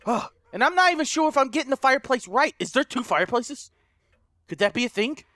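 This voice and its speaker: A man narrates his horror game play in a high, bright voice that leaps up and down as he panics and yells. The recording is dry and close, with no room sound. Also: fairly quick, no echo. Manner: excitable, screams and swears at the game; talks to viewers as guys. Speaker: gaming YouTuber. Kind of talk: let's play commentary.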